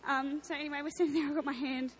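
A young woman giving a personal testimony at a church service, speaking in an emotional, halting way with nervous laughter. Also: sits high, fairly even intonation, a little hiss or hum, rough recording.

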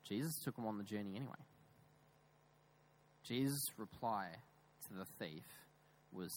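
A man preaching a sermon in a church, emphatic, with raised stresses that drop into quiet, low asides. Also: measured pace, long pauses, a little hiss or hum, low-quality recording. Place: church with screens.

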